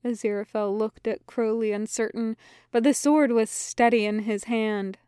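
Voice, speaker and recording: A woman narrating a story aloud in a measured, expressive reading. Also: a little high, clean tone, no echo, clean studio sound. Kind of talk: reading fan fiction aloud.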